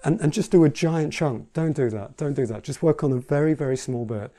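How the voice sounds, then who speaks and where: A mellow-voiced man giving a relaxed piano lesson, talking through practice tips as he plays. His tone is chatty and reassuring, with soft piano notes sounding faintly behind him. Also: fairly high pitch, brisk. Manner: chatty, reassuring, demonstrates at the keyboard while talking. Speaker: piano teacher. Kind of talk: casual piano tutorial. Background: piano playing.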